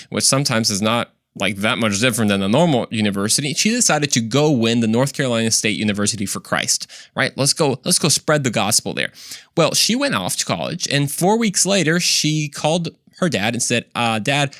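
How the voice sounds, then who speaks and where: A man hosts a faith talk show, and his pitch swings widely as he speaks. His delivery is conversational and full of exclamations. The recording is close and dry, with no room sound. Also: a bit bright, no echo. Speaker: host.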